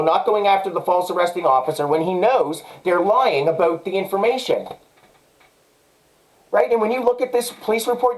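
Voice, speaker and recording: A Canadian man talks in an angry personal monologue. His voice sits high, and he keeps circling back to the same points. He swears often, sounding agitated throughout. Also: poor audio. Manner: agitated, repetitive, profane. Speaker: vlogger.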